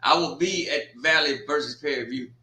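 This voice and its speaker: A man's voice: fairly high pitch, moderate pace, sharp tone, echoey room. A man hosting a watch party, running through scores with blunt, teasing trash talk. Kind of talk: casual score rundown and commentary.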